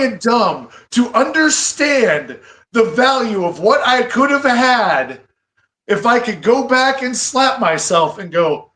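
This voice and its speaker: A middle-aged man from the US Midwest, a wrestling guest telling stories in an animated way. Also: extremely high pitch, slow. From Iowa, US Midwest. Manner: animated, breaks into excited fanboy quotes. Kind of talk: storytelling interview. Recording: echoey studio room.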